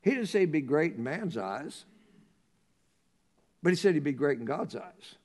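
A man preaching a sermon, reading scripture slowly and swinging from hushed tones to loud emphasis. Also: fairly high pitch, very animated. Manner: reads scripture in a slow, measured cadence.

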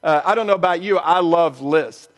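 A pastor preaching a sermon in a church, conversational and joking between points. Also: male voice, on the high side, normal speed, long reverb tail. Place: church sanctuary.

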